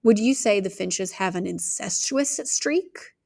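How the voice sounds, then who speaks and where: A woman reading a calm, stern father. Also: mid-range voice, vocal fry. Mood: dry. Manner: even and measured. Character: calm, stern middle-aged father and lawyer.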